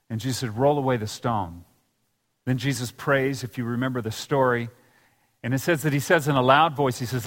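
Man preaching in an echoing church hall. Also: medium pitch. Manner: storytelling preacher, acting out quoted lines with rising intensity. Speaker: pastor. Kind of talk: sermon. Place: church sanctuary.

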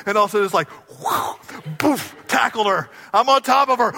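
A man preaching a sermon to his congregation in a church, telling stories with animated bursts and quiet asides. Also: sits high, brisk, gravelly, hardly any pauses, long reverb tail, slight background noise. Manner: animated storytelling, swinging between loud bursts and quiet asides. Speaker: pastor. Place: church sanctuary.

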